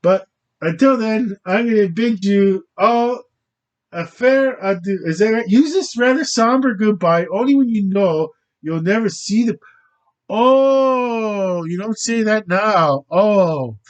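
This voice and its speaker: High-voiced, slow-talking man rambling. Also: animated, lo-fi sound. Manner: hesitant, self-interrupting, fumbling foreign words. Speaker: channel host. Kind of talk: rambling casual monologue.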